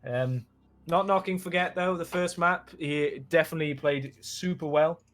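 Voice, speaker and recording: A man casting a live online match, talking in a relaxed, chatty way and often restarting his sentences. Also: on the high side, normal speed. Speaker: esports caster. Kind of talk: casual live game commentary.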